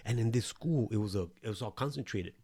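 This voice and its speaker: A man's voice: on the low side, fast, dark tone, no echo. A man co-hosting a podcast, telling his own story in a loose, profane, streetwise way. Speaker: podcast co-host. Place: El Paso recording studio.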